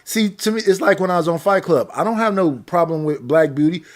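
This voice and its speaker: A man's voice: fairly high pitch, brisk. A man, telling stories and arguing his point in a casual panel debate. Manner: storytelling, quotes others in put-on voices.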